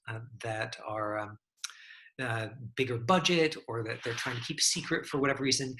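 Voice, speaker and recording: A man's voice: medium pitch, pushed and bright. A man teaching an online acting class over a video call, talking in a loose, chatty way full of fillers and restarts.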